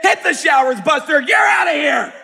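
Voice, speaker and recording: A preacher playing a shouting cosmic referee. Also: male voice, extremely high pitch, animated, normal speed, big-room sound, a faint crowd, voice pushed up, heavily acted. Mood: gloating. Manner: shouting, gruff and ruthless. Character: stern booming male cosmic referee. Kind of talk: comic sermon skit.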